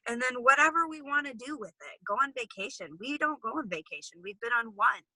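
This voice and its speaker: Woman, 30s, video-call guest, earnest and candid, bright edge, dry close sound. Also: on the high side, expressive, brisk, no echo, poor audio. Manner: earnest, candid, talks to the audience as "y'all". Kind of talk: casual chat on a video call.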